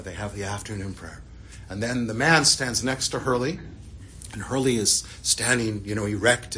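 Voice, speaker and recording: Rabbi giving a sermon through a story; bright, sharp voice, animated, sinks to a hush. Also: male voice, mid-range voice. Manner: animated storytelling, drops to hushed tones.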